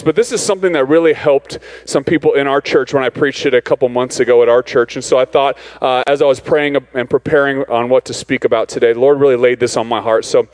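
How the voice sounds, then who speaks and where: A man's voice: mid-range voice, rough recording. A man from Arizona preaching as a visiting pastor in a church, joking with the congregation in a loose, conversational way. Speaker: guest pastor. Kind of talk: sermon. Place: church sanctuary.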